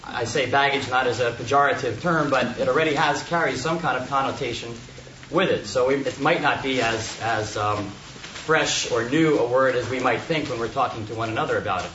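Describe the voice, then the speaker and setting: A man giving unscripted Bible teaching at a meeting, in a measured, thoughtful way with frequent pauses and restarts. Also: mid-range voice. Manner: measured, thoughtful, with many hesitations. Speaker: Bible study speaker. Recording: echoey, distant, muffled, noisy room recording.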